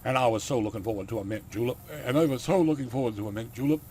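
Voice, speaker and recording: A man's voice: medium pitch, rapid-fire, a little mellow, slight background noise, natural voice. A man putting on a courtly Southern vampire gent. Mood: genial. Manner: florid and courtly. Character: portly old-fashioned Southern vampire gentleman.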